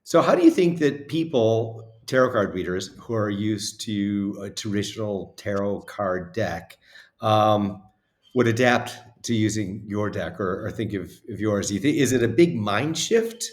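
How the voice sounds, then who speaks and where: A man with a fairly low voice hosting an interview. He asks his questions hesitantly, starting over and trailing off as he goes. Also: animated, unhurried. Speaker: interviewer, host.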